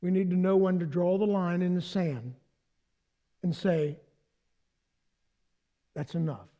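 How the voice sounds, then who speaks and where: A male pastor preaching a sermon with a very high-pitched voice. He is animated and playful, and he speaks directly to the congregation, inviting them to join in. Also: measured pace, highs cut off.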